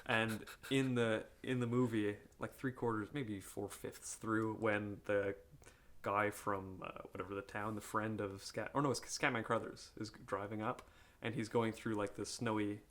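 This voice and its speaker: A man's voice: lowish voice, flat delivery, moderate pace, a bit bright. This is a man from upstate New York co-hosting a film podcast. He talks in a loose, rambling way, swears freely and laughs often while he retells movie trivia. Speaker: podcast co-host. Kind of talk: casual film chat.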